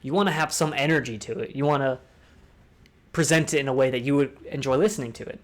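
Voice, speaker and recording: A young man hosting a casual online talk, speaking fast and rambling, swearing freely. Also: mid-range voice. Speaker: discord talk host. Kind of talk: casual chat.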